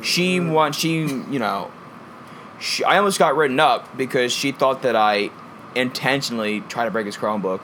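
A young man co-hosting a podcast, chatting casually and telling animated, profane stories. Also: medium pitch, moderate pace, slight background noise. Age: young adult. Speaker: podcast co-host. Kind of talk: casual chat.

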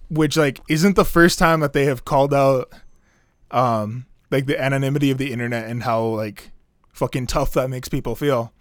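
A man in casual podcast chat, walking through an album track by track in an easygoing, rambling way. His voice sits at an ordinary pitch and sounds close and dry, with no room around it. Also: dry recording. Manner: relaxed, rambling, many "like" fillers. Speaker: podcast co-host reviewing an album.

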